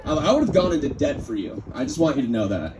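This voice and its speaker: At a restaurant comedy night indoors, a stand-up from Northern California does loose, chatty crowd work. His voice is fairly high and very animated, he talks fast, and there's background noise.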